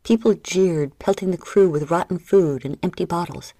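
A woman giving a measured, dramatic audiobook narration. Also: on the low side, warm tone, no echo. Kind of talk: scripted narration.

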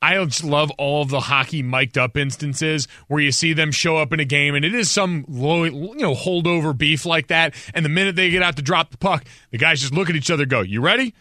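A man's voice: on the high side, brisk, hardly any pauses, bright, forceful tone, no room sound, studio quality. A man hosting a sports radio show, reading items aloud with wry asides.

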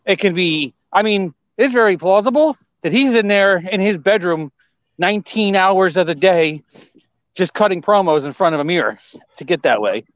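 Man, high voice, excitable, rambling, dry close sound, dull lo-fi recording. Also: moderate pace, no room sound. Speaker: podcast co-host. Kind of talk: casual wrestling podcast chat.

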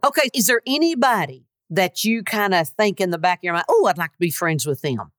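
A woman hosting a casual podcast chat, encouraging and warm toward her guest. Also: lowish voice, expressive, brisk, no room sound, clean studio sound. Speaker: host.

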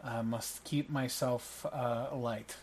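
A man's voice: medium pitch, fairly even intonation, darkish tone, a little hiss or hum, voice pushed down. A man voicing a polite, formal male beast-folk bathhouse keeper in a tabletop game. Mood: gracious. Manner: courteous, formal, measured.

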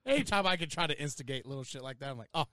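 A man's voice: medium pitch, expressive, very fast, creaky, bright, forceful tone, dry recording, clean studio sound. A man chatting casually as a podcast co-host outdoors, laid-back and profane, laughing often. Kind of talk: casual chat.

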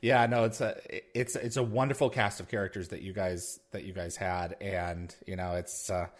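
A man's voice: sits low, steady tone, normal speed. A man hosting a casual interview, asking questions and reacting with enthusiasm. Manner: enthusiastic, asks questions, brief affirmations. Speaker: podcast host.

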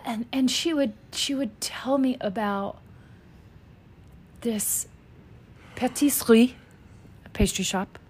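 A woman from Louisiana co-hosting a podcast, telling stories in talkative casual chat. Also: mid-range voice. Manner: talkative, storytelling with fillers. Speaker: podcast co-host.

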